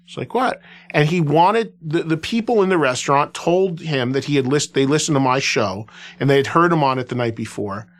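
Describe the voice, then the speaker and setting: A male radio host with a voice pitched a touch above the usual for men. He tells stories in a loose, chatty manner, circling back and restarting sentences with plenty of casual fillers. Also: brisk. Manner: animated anecdotal telling, filler-heavy with restarts. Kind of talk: casual conversational storytelling.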